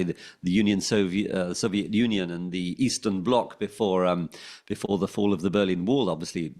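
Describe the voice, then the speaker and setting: Middle-aged London man, former radio DJ, casual loose interview talk at a desk mic. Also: fairly low pitch. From England. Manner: rambling, many fillers and restarts. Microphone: desk microphone.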